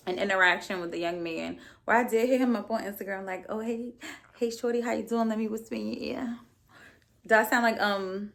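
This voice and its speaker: A woman's voice: on the high side, fairly bright tone. A young adult woman hosting her own podcast, giving a casual solo recap in a sassy, blunt and profane way with playful asides. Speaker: podcast host.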